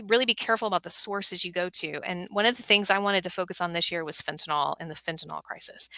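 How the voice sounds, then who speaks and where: Bright, earnest middle-aged woman speaker. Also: medium pitch, clear, resonant tone, no echo. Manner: earnest, animated storytelling with acted quotes. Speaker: podcast host and workshop speaker for moms. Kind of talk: guest on a talk show.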